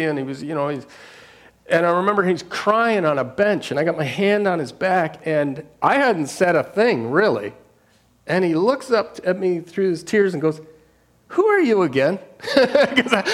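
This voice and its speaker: A middle-aged man, a pastor telling his own story in an earnest, unscripted way, laughing often and restarting his sentences. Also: high voice. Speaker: pastor and street outreach worker. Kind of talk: personal testimony.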